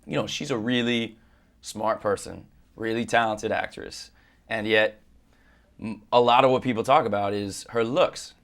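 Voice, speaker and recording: A man with a fairly low voice speaks as an interview guest. He talks in a measured, thoughtful way. He explains his points carefully. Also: fairly even intonation, fairly bright tone. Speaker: interview guest, actor and director. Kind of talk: casual interview.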